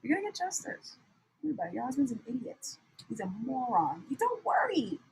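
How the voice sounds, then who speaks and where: A young woman talks through a tarot reading in a loose, animated way. Her voice sits high, dropping to near mutters and then bursting out loud, with frequent laughs and blunt language. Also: fast talker, gravelly, slight background noise, rough recording. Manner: animated, swings from soft mutters to shouts, laughs often, swears. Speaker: tarot reader. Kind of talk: casual tarot reading monologue.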